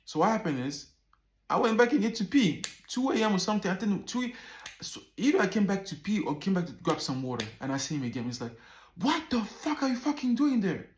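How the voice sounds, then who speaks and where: A man vlogging a personal story in a casual, animated way, swearing often and acting out the dialogue. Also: high voice, fast talker, roomy sound, slight background noise.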